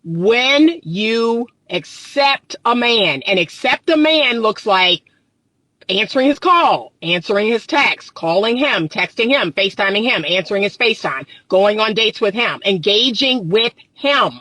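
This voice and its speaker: A woman's voice: mid-range voice, expressive, measured pace, sharp tone, dry recording. A woman relationship coach, giving an emphatic live-streamed talk and repeating her points for emphasis. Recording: dry close phone mic.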